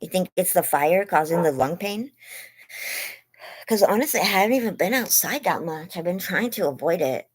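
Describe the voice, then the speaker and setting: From bed at home, a woman hosts a casual phone livestream, rambling and gushing hellos to viewers by name. Her lowish voice is animated at a normal speed, with slight background noise. It's growing worn, and she says she's losing it and her lungs hurt.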